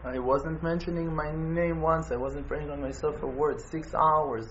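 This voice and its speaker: A man delivers a fervent appeal in a high voice, pleading and repeating himself. He surges into loud urging, then drops to soft, near-tearful tones. The recording is dull and lo-fi, with faint noise underneath. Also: steady tone, a little slow. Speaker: community speaker making an appeal. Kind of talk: impassioned appeal.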